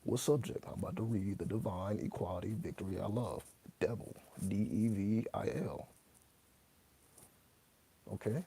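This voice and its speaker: Deep gravelly man, profane and emphatic. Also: moderate pace, pauses often, mellow. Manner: profane, emphatic, spells out words letter by letter. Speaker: host answering viewer questions. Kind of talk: casual monologue to camera.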